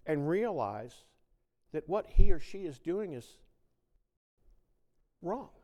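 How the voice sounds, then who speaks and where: A man, a pastor, preaching a sermon and reading scripture with dramatic swings between loud, raised passages and hushed, low reflection. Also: sing-song, takes it slowly, long reverb tail.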